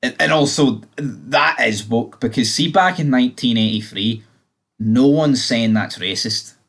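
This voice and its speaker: A man's voice: medium pitch, unhurried, fairly bright tone. A man giving a casual, rambling TV episode review, blunt and swearing freely.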